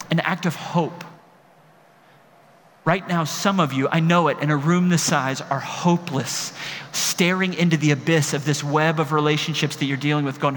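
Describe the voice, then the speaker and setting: A man's voice: on the high side, fairly bright tone, in a large hall, slight background noise. A man preaching a sermon as a pastor, emphatic and building to impassioned peaks, speaking in a large room.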